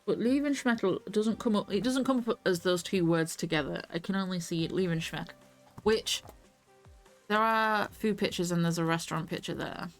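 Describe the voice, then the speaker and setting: A woman's voice: fairly low pitch, moderate pace, faint music behind. A woman streamer chatting and swearing casually as she plays a video game live. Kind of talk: live gameplay commentary.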